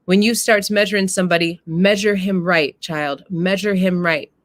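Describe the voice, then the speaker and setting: Woman reading a wise, loving mother, measured and folksy, dry close sound. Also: fairly low pitch, fairly even intonation, dry recording, lightly acted. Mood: tender, instructive. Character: wise, loving mother scolding her daughter gently. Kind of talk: reading a play quote aloud.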